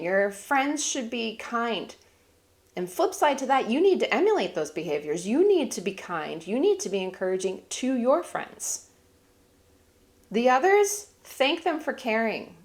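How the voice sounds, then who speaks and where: A middle-aged woman giving heartfelt, emphatic life advice as a family vlogger talking to camera. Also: a little high. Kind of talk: earnest motivational talk to camera.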